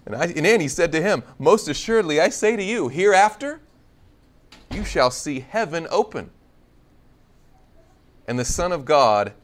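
A man preaching a conversational sermon, acting out scripture dialogue with playful humor. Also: medium pitch. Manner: conversational, animated, acts out biblical dialogue with humor.

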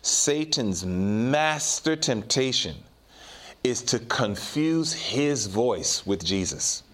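Male preacher, sermon delivery, lively pitch, rises for emphasis and drops low for stories. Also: drawn-out words. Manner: preaches in rising and falling swells, drops low and quiet for personal stories.

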